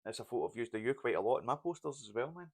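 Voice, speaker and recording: Fast-talking Scottish man hosting. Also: mid-range voice, lively intonation, a little mellow, breathy edge. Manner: chatty, laughs often, tags lines with "man". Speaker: comedy podcast host. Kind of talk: casual chat.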